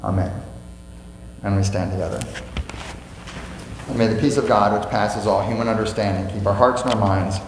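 A man's voice: lowish voice, normal speed, pauses often. A man preaching a sermon as pastor, emphatic, asking the congregation questions and repeating key phrases. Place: church sanctuary. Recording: echoey church hall with faint mains hum.

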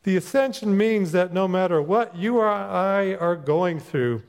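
Folksy middle-aged preacher in a reverberant church. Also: male voice, high-pitched, measured pace, darkish tone. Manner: folksy, conversational storytelling. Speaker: chaplain pastor. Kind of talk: sermon with personal stories. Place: church sanctuary.

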